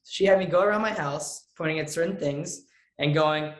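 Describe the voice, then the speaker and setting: A teenage boy talks with earnest, lively energy. His voice sits a little high for a male speaker, and the room around him has a noticeable echo. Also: fairly quick. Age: teens. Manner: earnest, lively, acts out quotes with a raised voice. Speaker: young actor, interview guest. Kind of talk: casual interview answers.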